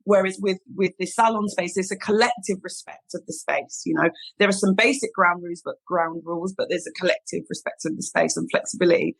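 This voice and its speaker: Animated London woman telling stories. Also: on the low side, brisk, creaky, few pauses, poor audio. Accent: London English. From England. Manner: animated, acts out quoted people in her stories. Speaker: guest, hairdresser and salon founder. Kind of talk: casual interview storytelling.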